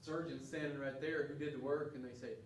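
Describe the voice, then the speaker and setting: A man's voice: medium pitch, fairly even intonation, a little fast, slight background noise. A man teaching a class and going over test questions, earnest and often restarting his words. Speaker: instructor. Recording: echoey classroom, mic far off.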